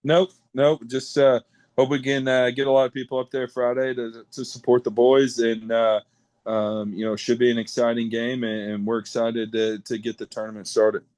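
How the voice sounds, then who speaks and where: A man who coaches high school football, answering radio interview questions in a halting way with many fillers and restarts. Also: little pitch movement, darkish tone, no echo. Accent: American Midwestern.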